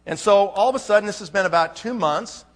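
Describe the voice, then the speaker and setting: A man on stage at a business conference tells a story to the audience, acting out both sides of his phone calls. His voice sits high for a man. The sound rings with the long reverb of a large hall. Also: fast. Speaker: conference speaker. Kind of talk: motivational conference talk.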